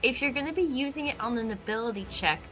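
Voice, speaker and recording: A woman's voice: on the high side, lively intonation, fast talker, music in the background. A woman playing a tabletop game, speaking dry and matter-of-fact. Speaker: player. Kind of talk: casual game table chat.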